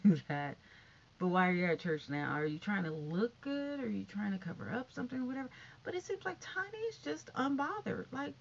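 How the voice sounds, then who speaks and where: A middle-aged woman giving chatty, sassy gossip commentary, sometimes dropping to hushed asides. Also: on the high side, vocal fry, highs cut off, a little hiss or hum. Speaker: commentary vlogger.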